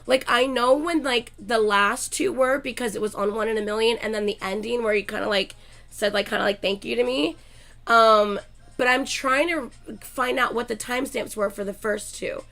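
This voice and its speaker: A young woman, sick and coughing, chatting casually with livestream viewers in an excitable, gushing way and reading names from the chat. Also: a little high, normal speed, gravelly.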